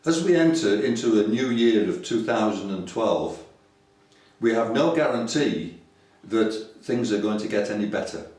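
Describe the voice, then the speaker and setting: Brief: older Yorkshire man, casual rambling sermon, lowish voice, echoey distant room sound. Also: animated, normal speed, a little mellow. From Yorkshire, England. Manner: rambling, conversational, hesitant. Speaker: website preacher.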